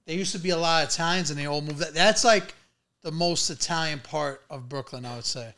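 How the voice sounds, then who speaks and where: A man's voice: a little high, fairly quick, sharp tone. New York man hosting a podcast. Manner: questioning, steers the talk. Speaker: podcast host. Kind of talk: casual chat.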